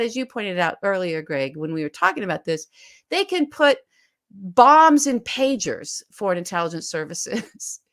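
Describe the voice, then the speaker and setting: A woman co-hosting a political podcast, talking emphatically and fast and retelling scenes vividly as she makes her case. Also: on the high side, vocal fry, a bit bright. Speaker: podcast co-host. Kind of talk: animated political podcast talk.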